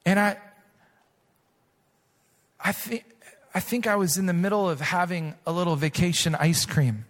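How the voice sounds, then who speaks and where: A man pastor preaching a sermon, reading scripture slowly and with weight, rising to impassioned shouts and dropping back to a softer tone. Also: sits high. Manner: impassioned preaching, swells to shouts then drops soft; drawn-out emphatic reading of scripture. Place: church sanctuary. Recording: long reverb of a large hall.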